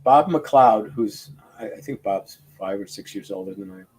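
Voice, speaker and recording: A man's voice: fairly low pitch, moderate pace, a little mellow. An older man chats over a video call about his craft. He rambles and tells stories with animation, restarting his sentences as he thinks aloud. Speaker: comic book inker, guest. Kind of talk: casual video interview.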